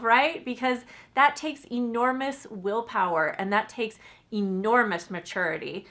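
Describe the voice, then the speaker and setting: A woman giving a casual psychology talk to camera, lively and frank, now and then acting out inner voices and swearing offhand. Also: mid-range voice, moderate pace. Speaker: psychology educator.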